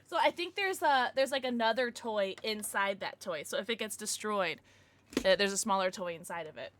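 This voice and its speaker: A woman's voice: medium pitch, animated, normal speed, fairly bright tone, a little hiss or hum. A young woman streaming casually from home, gushing over gifts and baby-talking to her dogs between chats with viewers. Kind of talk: casual livestream chat.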